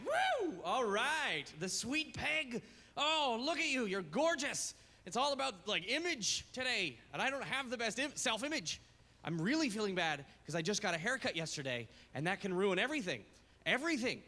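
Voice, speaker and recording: Stand-up comic, man, high voice, exaggerated delivery, echoey club with crowd noise. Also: normal speed. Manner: energetic, exaggerated, self-deprecating. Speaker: stand-up comedian. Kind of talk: stand-up comedy set. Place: comedy club stage. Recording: echoey live venue with background noise. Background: audience laughter.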